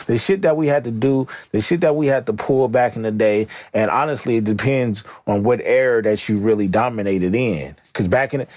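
A man's voice: mid-range voice, darkish tone, dry recording. A middle-aged man hosting a podcast, talking in a joking, rambling, blunt way with lots of slang. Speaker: podcast host. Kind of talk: casual comedic monologue.

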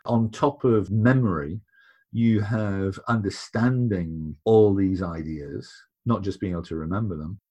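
A low-pitched man talking as a podcast guest. He is emphatic and conversational, often repeating words as he stresses his point. His voice sits on the deeper side. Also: measured pace, mellow. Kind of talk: casual conversation.

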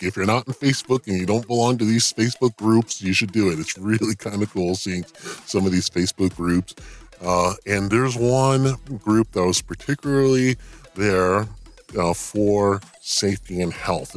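A man guest-hosting a podcast, talking casually and ranting bluntly with profanity and laughing asides. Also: lowish voice. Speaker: guest host. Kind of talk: casual podcast monologue and rant.

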